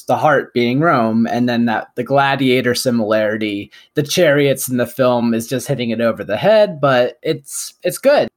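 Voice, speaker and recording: Hesitant young man musing on film. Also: mid-range voice. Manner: thinking aloud, hesitant with uh and restarts. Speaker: podcast co-host. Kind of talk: casual film discussion.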